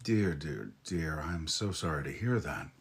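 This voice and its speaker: A man talking to his live audience in a casual, flirty way, all soft murmurs and teasing asides. His voice sits very low, and he takes his time, letting each word linger. He is still getting over a head cold. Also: lively intonation, measured pace, slight background noise. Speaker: voice actor chatting live with viewers. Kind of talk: casual live-stream chat.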